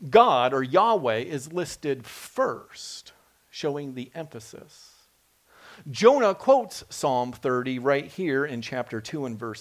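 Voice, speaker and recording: A man preaching a sermon, animated and dramatic as he voices scripture quotes. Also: fairly high pitch.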